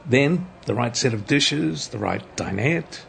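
A weary insomniac man, read by a man in a radio scene reading, hesitant and subdued. His voice is gravelly with fry. Faint noise sits behind him. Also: mid-range voice, lively intonation, measured pace, a bit bright, heavily acted.

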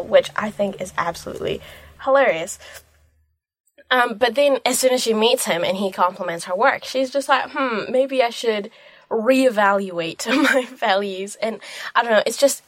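A young woman with a medium-pitched voice, recorded without echo, chats casually in a vlog about a film she loves. As a film reviewer, she gushes and rambles, using plenty of fillers.

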